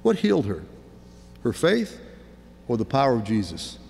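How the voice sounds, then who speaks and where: A man's voice: medium pitch, wildly swooping pitch, normal speed, creaky, a little mellow, in a large hall, a little hiss or hum. A man preaching a sermon in an earnest way, often repeating and restarting his words.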